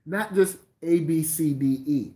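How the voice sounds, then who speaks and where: A man co-hosting a casual podcast chat in a laid-back manner, using slang and tossing in quick agreeing interjections. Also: on the high side, mellow. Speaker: co-host.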